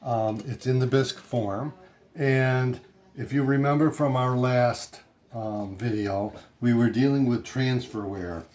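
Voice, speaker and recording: Man, pottery teacher, easygoing studio demo, light background hiss. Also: mid-range voice. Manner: relaxed, chatty, with many fillers and restarts. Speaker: ceramics instructor. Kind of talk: casual how-to demonstration.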